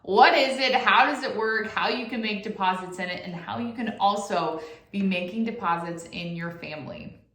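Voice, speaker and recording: A middle-aged woman talks to camera in a chatty, expressive way, slipping into little acted-out quotes as she goes. Her voice sits at an ordinary pitch. The sound bounces around an echoey room. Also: normal speed, a little hiss or hum. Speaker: YouTube host. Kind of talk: casual to-camera talk.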